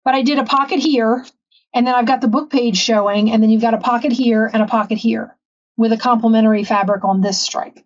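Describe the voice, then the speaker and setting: A woman's voice: a little high, fairly even intonation, brisk, far from the mic, muffled recording. A woman hosting a casual craft tutorial, chatting and rambling with frequent ums in her home craft room. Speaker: craft channel host.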